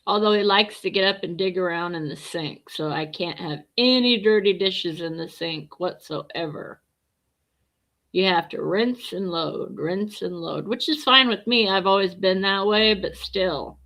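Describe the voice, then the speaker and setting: A middle-aged woman livestreams in a mid-range, fairly bright voice at a measured pace. She chats bluntly and casually, answering her viewers' comments as she goes.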